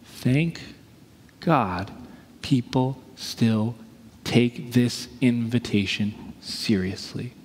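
Speaking very slowly in a mid-range voice with a breathy edge, a middle-aged pastor preaches a sermon, telling an animated story and acting out its people's voices. The sound has the long reverb of a big church hall.

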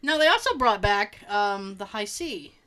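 A woman with a Boston accent co-hosting a podcast in casual chat, giggly and animated, laughing often. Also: mid-range voice, a little slow, clean tone. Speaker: podcast co-host.

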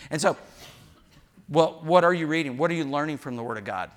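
A man's voice: a little high, expressive, a little fast, pauses often. A man preaching a sermon in church as pastor, candid and frank, with joking asides and quoted dialogue.

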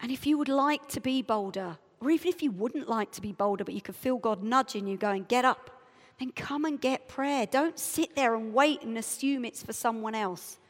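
A middle-aged woman preaching a sermon, telling a story with lively, self-mocking acted-out dialogue. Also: fairly high pitch, moderate pace, hardly any pauses. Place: church. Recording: church hall reverb.

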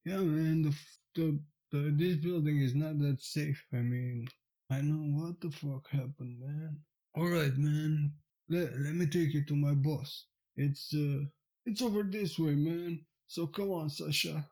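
A man's voice: a little high, steady tone, unhurried, mellow, voice pushed up. A man voicing a laid-back robed brother who tacks "man" onto every phrase, in a tabletop game. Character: Cal, Sasha's laid-back dude brother in a robe.

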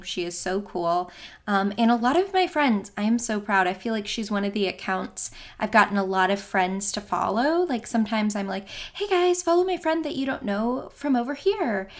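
Speaking at a moderate pace in a mid-range voice, a young woman runs a podcast from her home. Her talk is casual and meandering, full of filler words.

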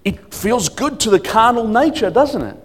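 A man preaching as a guest speaker at a church service, emphatic, swinging between loud declarations and quiet asides. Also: very high voice, very animated, moderate pace. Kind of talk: sermon.

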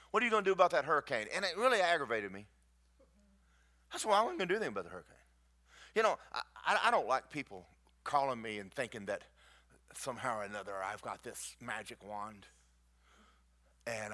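Animated preacher, bright and lively. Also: male voice, medium pitch. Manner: animated, rising to near shouts at peaks, folksy asides to the congregation. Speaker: pastor. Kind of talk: sermon. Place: church sanctuary.

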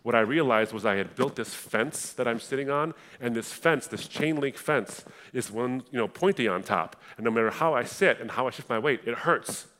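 A young adult man from the Middle East giving a passionate personal testimony in a sermon style, moving between hushed and fiery delivery. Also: mid-range voice, animated, normal speed, hardly any pauses.

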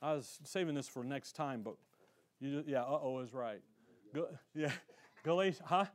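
A man preaching a sermon as a pastor, fervent and colloquial, his voice swelling as he gets excited. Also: mid-range voice, normal speed. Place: church.

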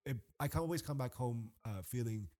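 Young man, casual podcast host, animated storyteller, plenty of fillers, laughs often. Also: mid-range voice, fairly quick. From Canada. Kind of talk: casual chat.

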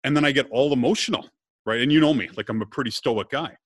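A middle-aged man, a guest in a relaxed conversation, tells a personal story with lively energy and slips into the voices of the people in it. His voice sits at an ordinary pitch, and the sound is dry and close, with no room echo. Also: fast talker, slightly rough. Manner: lively storyteller, acts out quoted dialogue.

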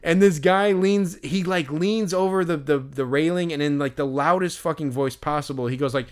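Young male podcast co-host, casual, animated storyteller, slightly high voice. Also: moderate pace. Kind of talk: casual chat.

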